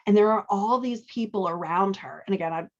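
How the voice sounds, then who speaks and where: Woman host walking a writer through edits, thinking out loud, keeps going "right?", kinda dull lo-fi sound. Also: medium pitch, a little fast. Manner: thinks aloud, often checks in with "right?". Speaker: host and dialogue editor. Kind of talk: casual teaching chat while editing a manuscript.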